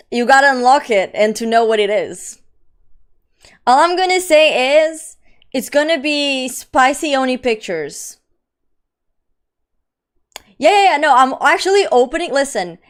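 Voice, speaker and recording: A woman's voice: high-pitched, sing-song, unhurried, pauses often. A young woman live streamer chatting casually with her viewers. She reads their messages aloud in a slangy, talkative way.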